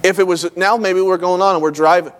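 A middle-aged man preaching a sermon, telling a story about himself and acting out both sides of the dialogue in an animated way. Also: high-pitched, a little fast. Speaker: pastor. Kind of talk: sermon with acted illustrations.

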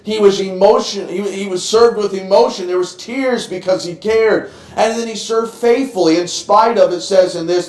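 A man preaching from the pulpit with a fairly high voice. His delivery is earnest and heartfelt, with stammered restarts. The sound carries a roomy church echo. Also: a little mellow. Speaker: pastor. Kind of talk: sermon.

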